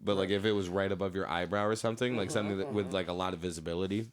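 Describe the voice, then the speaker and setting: A man's voice: sits low, steady tone, rapid-fire, crowd noise. A young man hosting a casual comedy podcast. He talks in a loose, joking way, swears, and uses lots of fillers. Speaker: podcast host.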